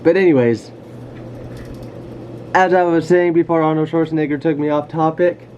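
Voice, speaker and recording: A man's voice: a little high, steady tone, normal speed, long pauses, darkish tone, slight background noise. A man vlogging casually about his camera collection, rambling off topic with goofy, self-deprecating jokes. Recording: dull lo-fi home video sound.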